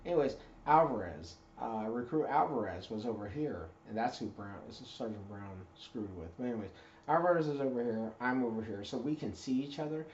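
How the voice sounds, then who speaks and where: A man's voice: mid-range voice, lively intonation, moderate pace, a little mellow, a little hiss or hum. Man rambling through an echoey story. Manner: rambling, many fillers and self-corrections. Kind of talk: casual storytelling. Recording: roomy dull recording.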